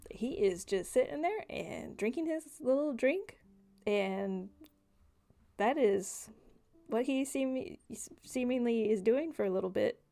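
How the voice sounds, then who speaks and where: A woman's voice: on the high side, animated, slow pace, gravelly, mellow, faint music behind. A woman running a tabletop game as game master, narrating casually with many fillers.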